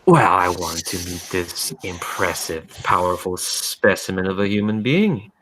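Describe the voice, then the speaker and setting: A man's voice: sits low, measured pace, a bit bright. A man voicing a bored, mocking dimensional being. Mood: amused.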